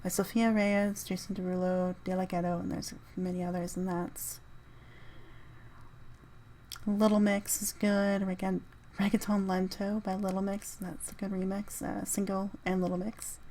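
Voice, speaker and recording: A woman's voice: mid-range voice, little pitch movement, normal speed, mellow, a little hiss or hum. A woman hosting a casual solo podcast, rambling as she reads through her playlist and spells out artist names. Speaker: podcast host.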